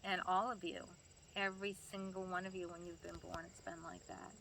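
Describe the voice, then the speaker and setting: In a family storytelling interview, an older grandmother chats and laughs while acting out the voices of people she quotes. Her voice is lowish, very animated, a bit fast, gravelly and fairly bright, with a slight hiss or hum.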